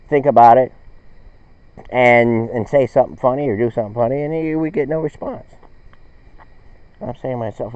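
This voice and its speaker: A man's voice: medium pitch, lively intonation, quick pace, darkish tone, clear, resonant tone, dry recording. A man hosting a show in a casual, rambling monologue, correcting himself and losing the thread. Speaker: host. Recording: dull, dry recording.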